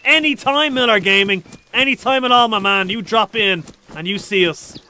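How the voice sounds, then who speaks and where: A man live-streaming a survival game, talking fast and loose, swearing, joking and reading chat messages aloud with high energy. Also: bright, forceful tone.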